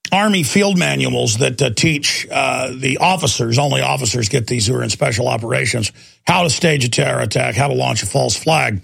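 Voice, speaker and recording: A man's voice: a little high, vocal fry, fairly bright tone, dry recording. A man hosting a talk radio show, ranting in an impassioned, sarcastic monologue from a studio.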